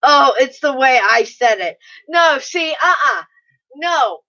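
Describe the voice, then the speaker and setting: High bright-voiced woman doing a chatty live stream, laughing a lot, dry muffled lo-fi audio. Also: slow pace. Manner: animated, laughing, reads chat aloud. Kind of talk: casual live stream chat.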